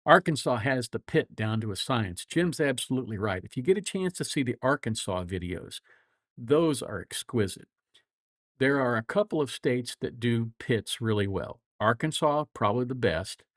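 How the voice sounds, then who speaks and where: A middle-aged man with a flat Midwestern accent, a lawyer hosting a casual livestream, rambling through folksy stories and chuckling often. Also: medium pitch, dry recording, clean studio sound. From grew up all over the world.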